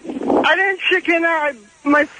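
A man's voice: very high-pitched, fairly even intonation, unhurried, noisy background. A man calling into a radio show, stammering and apologizing sheepishly. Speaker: caller. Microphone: phone line.

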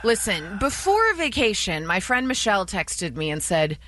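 A woman's voice: mid-range voice, normal speed, no room sound. A woman co-hosting a radio show, telling stories in casual, playful banter. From Southern California. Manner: chatty storyteller, lively and playful. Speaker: radio co-host.

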